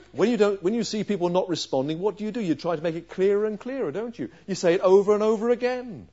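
A man preaching a sermon in a fairly high voice. He keeps asking his listeners questions and swings between emphatic, louder lines and hushed asides. The recording sounds dull and lo-fi. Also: expressive, quick pace, hardly any pauses. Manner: asks the listeners questions, swings from loud stresses to quiet asides. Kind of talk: expository sermon.

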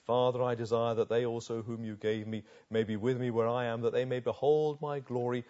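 A man preaches a sermon, slow and emphatic, with long pauses. His volume rises and falls sharply between quiet and loud passages, and his voice sits in a middle register. The recording is somewhat muffled. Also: medium pitch, level tone. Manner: dramatic swings between hushed and loud passages.

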